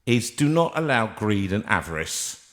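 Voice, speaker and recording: A man hosting a live stream, telling a comic story with animated, acted-out voices. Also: lowish voice, normal speed. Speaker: host and singer.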